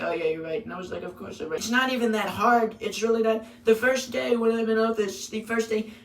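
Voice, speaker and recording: A man voicing a boastful, rambling older male politician who repeats himself and bursts out loudly. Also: high voice. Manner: repetitive, bragging, sudden loud bursts. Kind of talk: parody impression. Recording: roomy, distant mic with faint noise.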